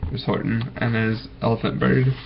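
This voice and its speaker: A man reading a storybook aloud to his children, gentle and stopping to ask them questions. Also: medium pitch, little pitch movement, moderate pace, vocal fry, noisy background. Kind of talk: bedtime story read aloud. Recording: dull lo-fi recording.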